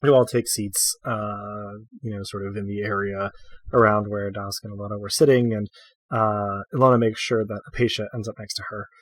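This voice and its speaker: A man narrating a tabletop role-playing game as game master, in a relaxed way with many fillers. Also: fairly low pitch, moderate pace, dry recording.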